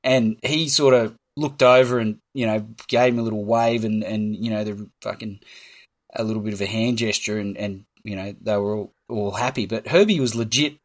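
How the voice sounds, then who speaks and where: A man's voice: fairly low pitch, fairly even intonation, moderate pace. Man, sweary sports storyteller. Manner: swearing, storytelling, laughs at his own tales. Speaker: podcast co-host. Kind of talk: casual sports podcast chat.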